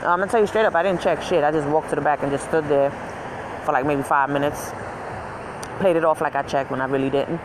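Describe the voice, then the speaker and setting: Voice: medium pitch, fast talker, noisy background. A vlogger ranting casually about a frustrating workday, swearing freely and mocking customers in put-on voices. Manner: profane, animated storytelling with mocking quoted voices. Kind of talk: casual rant.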